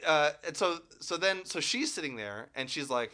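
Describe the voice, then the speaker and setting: Bright-voiced man in casual chat. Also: a little high, moderate pace. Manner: animated, acts out characters' lines, frequent "like". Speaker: podcast co-host. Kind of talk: casual movie-review chat. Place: Los Angeles.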